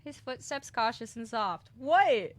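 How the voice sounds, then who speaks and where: A young woman hosting a casual visual novel playthrough, excitable, reading narration aloud and joking. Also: fairly high pitch. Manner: excitable, reads narration aloud, quick jokes. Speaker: host.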